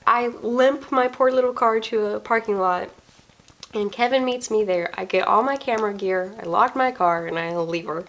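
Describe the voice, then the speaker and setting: A woman's voice: medium pitch, moderate pace. A young woman vlogger and wedding photographer telling a chaotic story in a casual storytime, acting out quoted dialogue with frequent laughter.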